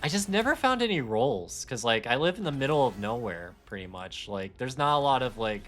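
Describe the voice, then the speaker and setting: A man's voice: mid-range voice, very animated, a little fast, a bit bright, faint music behind. A man streaming a game live, chatting casually in a rambling, self-deprecating way. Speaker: gaming streamer. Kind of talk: casual live-stream chat while gaming.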